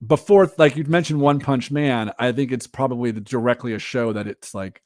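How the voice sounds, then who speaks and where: A man co-hosting a casual podcast chat, animated and full of fillers, laughing often. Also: mid-range voice, brisk, dry recording. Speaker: podcast co-host.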